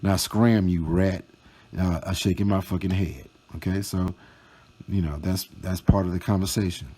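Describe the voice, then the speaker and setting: A man telling a storytime vlog, reading out chat screenshots in a slow, mocking, profane way. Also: sits low, steady tone, mellow, slightly rough. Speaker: storytime vlogger.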